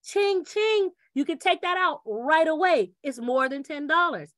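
Woman pitching a money deal, very high voice, dry close sound, acts out chats with "girl" and "ching ching". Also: unhurried, dry recording. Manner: lively, repeats catchphrases, acts out little dialogues. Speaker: presenter pitching a referral program. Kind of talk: energetic sales pitch.

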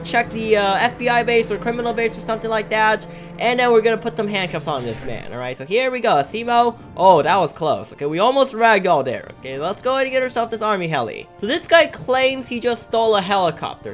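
A man giving excitable, trash-talking commentary over his own gameplay as a gaming YouTuber. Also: high voice.

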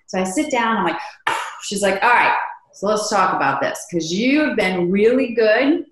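A woman being interviewed as a podcast guest, telling stories in a lively way and acting out the dialogue she quotes. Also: medium pitch, normal speed, a little hiss or hum. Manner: animated, acts out quoted dialogue. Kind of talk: conversational storytelling. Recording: echoey room.

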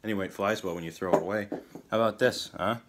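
A man's voice: fairly low pitch, fast, heavy background noise. A man hosting a comedic guitar video, talking in a dry, sarcastic way full of rambling asides. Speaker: video host.

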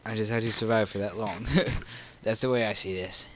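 A man with a Southern US accent doing let's play commentary on his own gaming channel, muttering low and breaking into excited or frustrated outbursts. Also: normal speed, slight background noise, poor audio.

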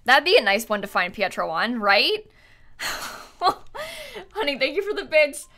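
Woman streamer, bright tone, slightly high voice, giggly casual chatter. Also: sing-song, measured pace. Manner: giggly, chatty, thanks viewers often. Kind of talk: casual live-stream chat while gaming.

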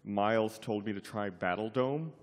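A man with a fairly low voice, co-hosting a live panel and explaining a game at length with plenty of "uh" and "like." His voice rings with a long reverb from a big convention hall. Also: normal speed. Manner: explains at length, many fillers. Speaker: podcast co-host on a live panel. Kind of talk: casual panel chat.

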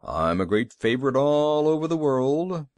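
A man reading a children's audiobook, voicing a cheerful, boastful old cake gentleman. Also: mid-range voice, big pitch swings, normal speed, no echo, natural voice.

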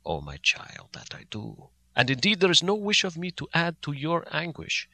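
Old foreign professor, read by a man; earnest, bright-toned, persuasive. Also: a little high, huge pitch swings, normal speed, creaky, no room sound, heavily acted. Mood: gentle. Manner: earnest, reasoning, broken formal phrasing.

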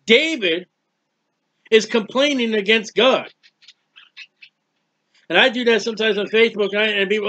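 A man's voice: sits high, animated, moderate pace, long pauses, bright, forceful tone, dull audio. A man giving a conversational Bible teaching, emphatic and acting out quoted prayers and speeches.

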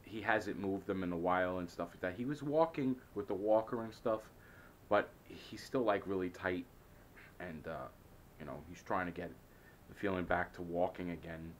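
A man's voice: deep voice, moderate pace, a little hiss or hum. A man telling a rambling, hesitant story in a casual vlog, often frustrated and full of restarts. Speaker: vlogger.

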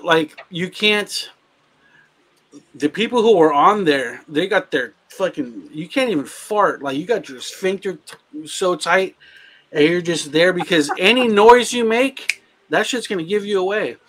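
Man, podcast movie chat, slightly higher voice, animated, swearing. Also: unhurried. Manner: animated, profane storytelling. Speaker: podcast co-host. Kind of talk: casual movie discussion.

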